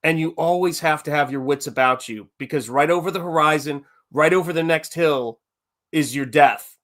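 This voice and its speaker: A man's voice: fairly high pitch, moderate pace, a bit bright. A man talking casually as host about Westerns, rambling and correcting himself as he goes. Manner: rambling, self-correcting, enthusiastic fan talk. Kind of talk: casual chat about movies.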